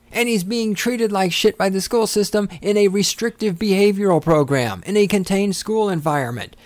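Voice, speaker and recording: A man's voice: high voice, no echo. Man, podcast host, sarcastic, swearing, heated rant, dry close recording. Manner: angry, profane, sarcastic ranting.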